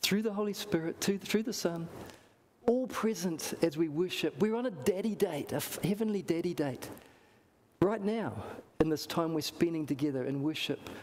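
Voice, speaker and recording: A man's voice: a little high, normal speed, a little mellow, in a large hall. A man with a New Zealand accent, preaching a sermon in a church and acting out the voices in his story. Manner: storytelling, acts out quoted voices.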